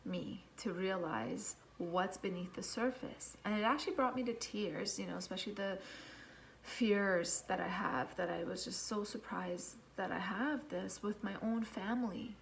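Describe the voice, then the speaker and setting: A woman's voice: medium pitch, gravelly, slight background noise. Reflective woman musing with many fillers. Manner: thoughtful, rambling, many fillers. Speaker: vlogger, mother of young kids. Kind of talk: casual reflective talk to camera.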